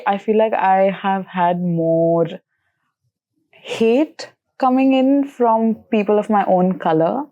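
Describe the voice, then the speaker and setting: Young woman cohost, frank and opinionated, lowish mellow voice. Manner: opinionated, frank, laughs often. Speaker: podcast co-host. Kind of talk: casual podcast conversation.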